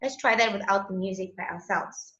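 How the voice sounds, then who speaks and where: A woman's voice: mid-range voice, brisk, noisy background. A woman teaching a children's phonics lesson in a patient, sing-song voice. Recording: echoey, dull lo-fi room sound.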